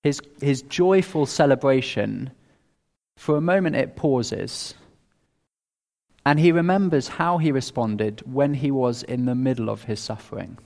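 Slow, gravelly-voiced preacher in echoing hall. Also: male voice, medium pitch, animated, a little mellow. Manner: measured, earnest, with small restarts. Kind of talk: expository sermon. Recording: long reverb of a large hall.

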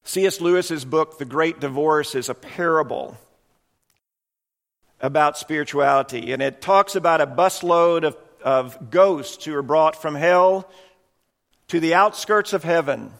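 A male preacher with a fairly high voice, giving an earnest sermon that explains his points carefully. His words hang in a long hall reverb. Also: a little slow.

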